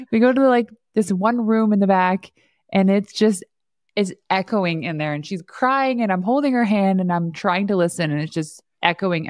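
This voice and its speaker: A woman's voice: medium pitch, no room sound, clean studio sound. A woman podcast host telling stories in a chatty way and laughing often. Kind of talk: casual conversation.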